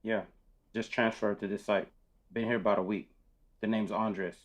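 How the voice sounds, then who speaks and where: A man plays a laid-back but blunt guard. He speaks in an easy, casual drawl, his voice slightly low. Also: level tone, moderate pace, close to an everyday voice.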